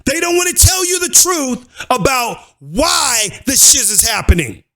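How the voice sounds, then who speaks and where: A man's voice: extremely high pitch, lively intonation, unhurried. A man giving a heated, slang-filled video commentary and lecturing his viewers. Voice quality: forceful, preachy rant with slang. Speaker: YouTube commentator. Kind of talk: ranting commentary.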